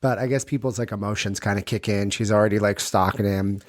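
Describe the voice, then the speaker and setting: A man's voice: lowish voice, steady tone, fast, dry recording, studio quality. A man co-hosting a podcast, chiming in with agreement and crude jokes. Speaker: podcast co-host. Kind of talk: casual chat.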